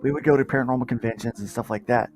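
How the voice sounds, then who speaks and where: A man's voice: medium pitch, racing. A man hosting a casual podcast panel, telling a long story in a rambling way with frequent restarts. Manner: rambling, restarts often, animated when telling stories. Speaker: podcast host.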